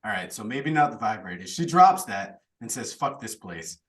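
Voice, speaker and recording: A man's voice: fairly low pitch, animated, moderate pace, fairly bright tone, recorded from a distance, poor audio. A man hosting a podcast, chatty and laughing now and then as he recaps a plot. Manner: chatty, laughs while telling the story. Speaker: podcast host recapping a film.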